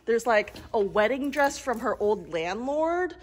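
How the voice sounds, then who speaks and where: A woman's voice: a little high, big pitch swings, unhurried. Playful giggly young woman vlogger. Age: 20s. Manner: playful, chatty, giggly asides. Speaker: vlogger and illustrator. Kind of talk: casual studio tour vlog. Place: indoor art studio. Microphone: phone camera mic.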